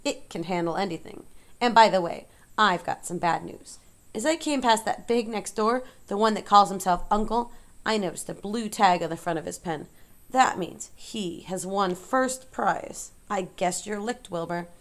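A woman reading a storybook, voicing a greedy, boastful male rat with a slow, gloating drawl. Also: medium pitch, natural voice.

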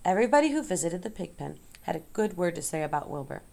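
Gravelly low-voiced woman reading a story. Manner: measured, expressive storytelling. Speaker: narrator.

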